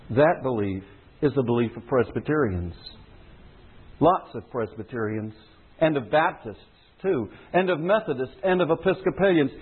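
A man's voice: mid-range voice, husky. A man preaching a sermon in an earnest, emphatic way. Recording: tinny phone-like sound.

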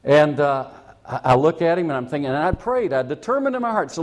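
A man's voice: a little high, lively intonation, fairly quick. A male preacher with a slightly raised voice that swoops up and down as he talks. He tells a story from his own life in a chatty, self-mocking way. He often chuckles at his own jokes before he turns to the lesson. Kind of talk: sermon with a personal story.

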